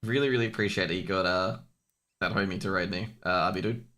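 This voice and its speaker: A man with an Australian accent and a low-set but bright, cutting voice. He talks as a solo stream caster, rambling and joking between points. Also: steady tone, fast. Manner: chatty, rambling, jokey. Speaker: esports caster. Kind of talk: casual solo stream commentary.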